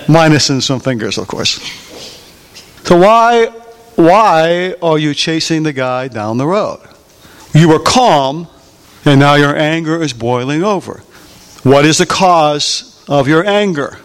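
Male preacher, high voice, animated sermon with call-and-response questions, recorded in a church hall with a long echo. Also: takes it slowly, long pauses. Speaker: pastor. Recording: long reverb of a large hall.

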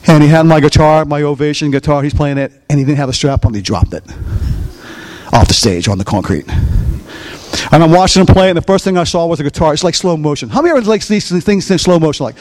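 A man's voice: a little high, expressive, fast, a little mellow. A man preaching a sermon as pastor, telling stories and putting questions to his congregation in church. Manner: storytelling, asks the congregation questions.

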